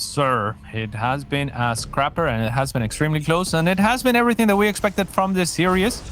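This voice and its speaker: Lively male esports caster. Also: mid-range voice. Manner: animated, analytical, many restarts. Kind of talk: live game commentary.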